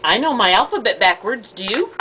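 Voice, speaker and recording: A woman gently prompts a relative for stories, mostly with quick, short replies. Her pitch moves around a lot, and a faint hiss sits under the recording. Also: sing-song, poor audio. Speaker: family interviewer. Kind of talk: casual family chat.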